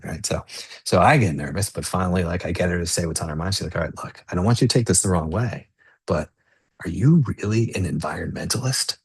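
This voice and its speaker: A low, husky man tells his story in a lively, conversational way. He acts out the dialogue as he goes, and his voice sits dry and close to the mic. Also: fairly quick, no room sound. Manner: animated, acts out quoted dialogue. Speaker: guest entrepreneur.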